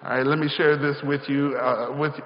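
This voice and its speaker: A man's voice: medium pitch, steady tone, moderate pace. A male pastor giving a sermon in a church sanctuary. He speaks in a rhythmic call-and-response style with rising emphasis. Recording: echoey hall, slightly dull sound.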